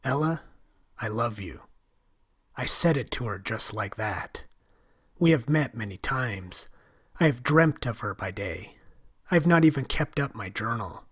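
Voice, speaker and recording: A man reading a short story aloud in the first person, with a measured storyteller's delivery. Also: mid-range voice, animated, fairly bright tone, breathy edge. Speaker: story reader. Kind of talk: audiobook reading.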